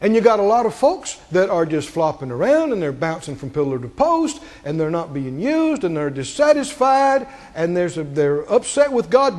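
A male pastor preaching a sermon to a congregation, asking them questions and climbing to high, emphatic peaks. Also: big pitch swings, moderate pace, few pauses, darkish tone.

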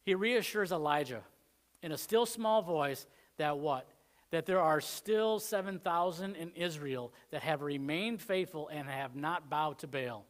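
A man's voice: a little high, lively intonation, measured pace. A man with a Southern American accent preaching a sermon in a conversational way, acting out the quoted lines. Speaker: pastor.

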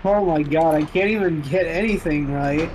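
A man's voice: on the high side, normal speed, a little mellow, slight background noise. A man joining a game stream as co-host, making playful, jokey asides in casual banter.

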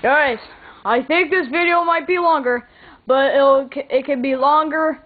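A woman's voice: sits high, a little slow. A woman acting out a playful toy role-play with voices, melodramatic and full of worried wails. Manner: melodramatic, lots of 'oh no' wailing. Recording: tinny phone-like audio with faint hiss.

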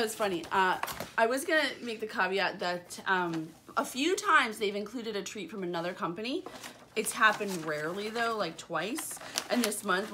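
A woman chatting casually and upbeat as she unboxes and reviews a product, with lots of ums. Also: mid-range voice. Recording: audible background noise.

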